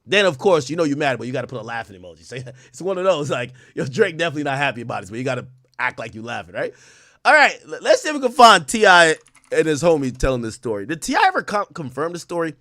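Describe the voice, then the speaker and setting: A young adult man hosting a stream on a close, dry microphone. His voice sits high and bright, and he swings it up and down with loud, profane reactions and frequent laughter. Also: big pitch swings, quick pace, no room sound. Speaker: streamer host. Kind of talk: casual commentary on a live stream.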